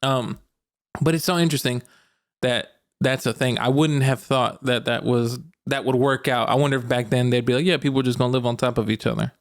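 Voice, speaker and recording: A young man from Arkansas, co-hosting a podcast in a relaxed, slangy chat, laughing often. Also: mid-range voice, a little fast. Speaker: podcast co-host. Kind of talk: casual chat.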